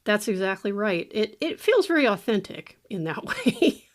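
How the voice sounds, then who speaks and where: Animated woman podcast host. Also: medium pitch, normal speed. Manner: animated, laughs often, many fillers. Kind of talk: casual movie-review chat.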